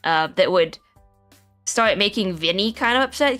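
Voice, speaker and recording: A woman chats casually on her live stream, rambling through an idea with frequent giggles and stumbles. Her voice sits at a medium pitch. Soft music plays behind her. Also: moderate pace. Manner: rambling, giggly, many restarts.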